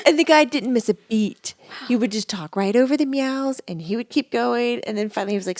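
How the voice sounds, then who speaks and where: A woman's voice: a little high, fairly quick, few pauses, darkish tone. A woman co-hosting a casual podcast, telling stories animatedly and laughing often. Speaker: podcast co-host and medium. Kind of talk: casual chat.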